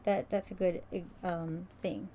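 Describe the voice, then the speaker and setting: A woman's voice: fairly low pitch, steady tone, a little slow, heavy background noise. A woman hosting a casual livestream tutorial, chatty and rambling, often stumbling over her words as she sews. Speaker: crafter streaming a sewing demo.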